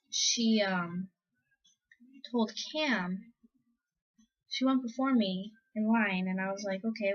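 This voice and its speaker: A teenage girl vlogging, telling a story casually with many fillers and acted-out quotes. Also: medium pitch. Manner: chatty, lots of "like" and "um", acts out quotes. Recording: slightly dull lo-fi audio.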